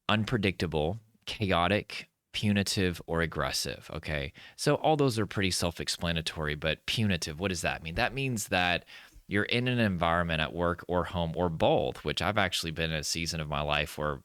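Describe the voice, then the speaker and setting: A man who works as an anxiety coach, talking straight to his viewers in an earnest teaching style, often checking in with "right?" and "okay?" and slowing down to stress key words. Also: low-pitched, a bit bright, clear, resonant tone, no room sound, clean studio sound. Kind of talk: direct-to-camera teaching talk.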